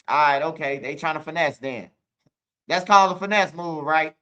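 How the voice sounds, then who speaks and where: His voice sits a little high, with a sharp yet clear, resonant tone and a moderate pace. This Chicago-accented man hosts his own channel and tells rambling, profane stories as a casual monologue, filling lines with "bro," speaking directly to viewers, and asking for their comments.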